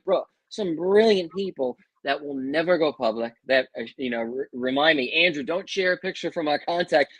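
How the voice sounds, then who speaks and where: A man's voice: medium pitch, no echo, poor audio. Chatty middle-aged man telling stories. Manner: chatty, animated, says "bro" and "man". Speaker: interview guest, psychic medium. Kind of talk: casual storytelling.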